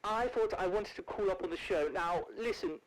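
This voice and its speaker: A man's voice: sits high, unhurried, a little hiss or hum, voice pushed up, rough recording. A man putting on the voice of a posh, theatrical older English actress who drawls and calls everyone darling. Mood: grandly theatrical. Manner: plummy, drawling, calls people darling and dear. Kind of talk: comedic celebrity impression.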